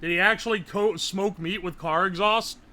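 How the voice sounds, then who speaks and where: A young man, chatting casually on a live stream, loud and joking, swearing often and laughing a lot. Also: high voice, fairly even intonation, normal speed. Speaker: livestreamer.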